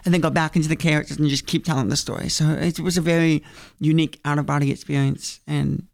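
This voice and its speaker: A young man, a stage actor, chatting in an interview and telling animated stories full of fillers. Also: a little high, fast talker, creaky, dry recording, clean studio sound. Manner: animated storytelling with many fillers. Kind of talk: casual interview.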